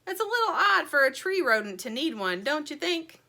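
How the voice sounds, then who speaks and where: A bossy little female chick from a storybook, firm and demanding, sounding sure of herself, as a woman puts her on. The voice is high and bright, with lively swings in pitch. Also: brisk, vocal fry, full character voice. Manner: confident, demanding.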